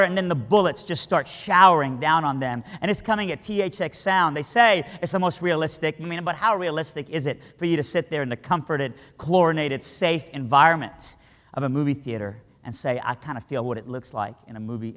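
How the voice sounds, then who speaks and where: A man from Iran delivers a storytelling sermon with a fairly high voice. His delivery is dramatic, dropping to a hush and then rising to impassioned cries. A long hall reverb trails his words. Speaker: speaker.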